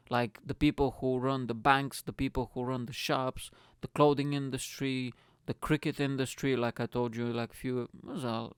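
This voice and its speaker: A young man from Bulgaria hosting a comedy podcast, delivering a profane, animated, rambling monologue. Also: medium pitch, clear, resonant tone, no room sound, clean studio sound.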